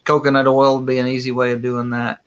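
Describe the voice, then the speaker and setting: A man co-hosting a homestead livestream answers viewer questions in casual live-stream chat, easygoing and folksy, reading comments aloud. His mid-range voice is completely flat, quick and smooth, and the recording sounds muffled.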